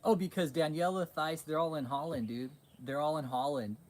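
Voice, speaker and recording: A man hosts a livestream, chatting casually and reading chat aloud while swearing heavily, getting worked up and frequently restarting his sentences. His voice is on the high side, at a moderate pace.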